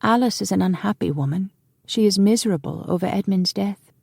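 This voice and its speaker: A woman voicing a frail young nobleman, soft-spoken and hesitant, in an audiobook. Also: medium pitch, brisk, gravelly, breathy edge, no echo, voice pushed up. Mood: wistful. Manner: gentle, wistful, soft-spoken.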